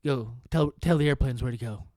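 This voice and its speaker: A man hosting a podcast in a sarcastic comedic monologue, swearing and laughing at his own deadpan jokes. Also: medium pitch, brisk, dry recording, studio quality. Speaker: podcast host.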